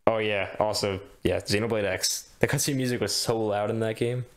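A man's voice: fairly low pitch, fairly even intonation, moderate pace. A man chatting casually and joking as he streams a game's cutscenes. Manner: chatty, joking, laughs often. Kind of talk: casual commentary over cutscenes. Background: faint game music.

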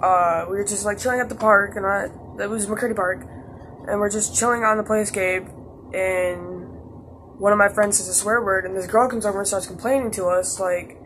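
A man's voice: sits high, steady tone, moderate pace, a bit bright, slight background noise. A teenage boy vlogging a casual storytime, rambling with lots of "like" and restarts. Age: teens. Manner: rambling, heavy use of "like" and restarts.

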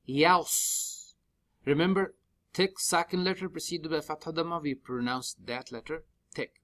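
Bright-voiced man teaching Quran recitation. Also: a little high. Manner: slow, drawn-out chanting when reciting; spells out letters and vowels one by one. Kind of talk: step-by-step tajweed lesson. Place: mosque.

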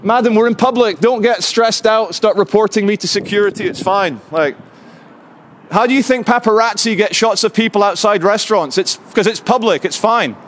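Outdoors in a city plaza, a street filmmaker argues with security about whether he may film, staying cheeky and animated throughout. His voice is high-pitched and his pace moderate, with a bit of background noise in the clip.

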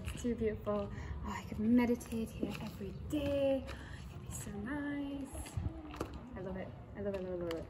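A woman's voice: a little high, noisy background. A young woman vlogging outdoors on her phone by a pond, dreamy and delighted, laughing often. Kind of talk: casual outdoor vlog. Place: outdoors by a pond in abbey grounds.

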